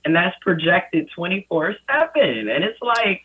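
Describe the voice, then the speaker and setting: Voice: mid-range voice, big pitch swings, a little slow, breathy edge. Casual panelist who thinks aloud with many fillers, heard over a tinny call line.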